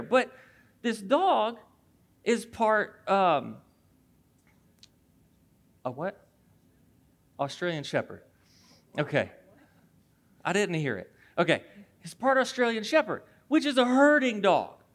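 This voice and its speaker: High-voiced pastor telling a story. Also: male voice. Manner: conversational, animated storytelling with voiced asides. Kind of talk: sermon.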